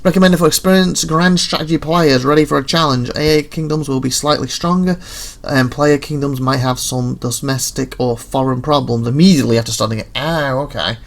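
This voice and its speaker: A man with a mid-range voice and vocal fry talks fairly quickly while hosting a gaming channel. He gives casual gameplay commentary, rambling and thinking aloud as he reads through the game's menus.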